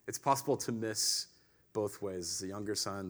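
A male pastor delivering a sermon in a conversational, storytelling way, with emphatic swells and quiet drops. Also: on the low side, moderate pace.

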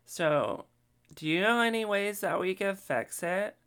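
A man's voice: high voice, lively intonation, measured pace, a bit bright, clear, resonant tone, voice pushed up. A man putting on the voice of a bubbly young woman in a celebrity-family style, fussing over phone photos with a lilting valley-girl drawl. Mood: fussy.

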